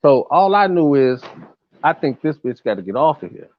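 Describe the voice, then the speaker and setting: It's a tour tale told by a man with a fairly high pitch, talking at normal speed on a lo-fi recording. His delivery is relaxed yet animated, loaded with slang and swearing, and he sometimes hollers the lines he repeats.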